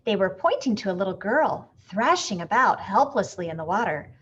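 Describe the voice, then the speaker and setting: Animated woman reading a picture book. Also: mid-range voice, moderate pace, husky, muffled recording. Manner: expressive, animated narration. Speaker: storyteller. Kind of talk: storybook read-aloud.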